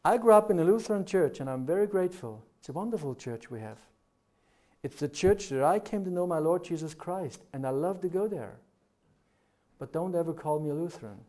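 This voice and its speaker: A middle-aged man with a German accent, whose first language is German, preaching a sermon. He talks earnestly and builds to animated rhetorical questions. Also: a little high, brisk.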